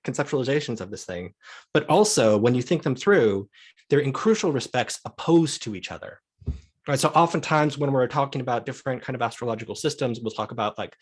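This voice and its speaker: A man giving an academic lecture over a video call, explaining ideas in a thoughtful way, with fillers. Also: medium pitch. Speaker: guest lecturer.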